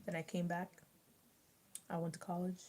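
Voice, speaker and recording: Young woman vlogger, kinda husky low voice, rambly casual dinner chat. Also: little pitch movement, normal speed, warm tone, poor audio. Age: young adult. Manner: rambling, many restarts and likes.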